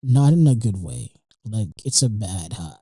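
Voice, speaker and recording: A man's voice: on the low side, very animated, a little slow, mellow, husky, dry recording, rough recording. A young man hosting a podcast, talking in a rambling, emotional way with lots of fillers, restarts and swearing. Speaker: podcast host. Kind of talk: casual monologue.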